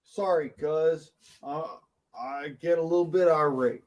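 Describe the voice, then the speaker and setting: A man's voice: on the high side, a little slow. An American man delivering an impassioned, profane rant in an online group chat. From United States. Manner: profane, fervent, patriotic. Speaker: chat participant.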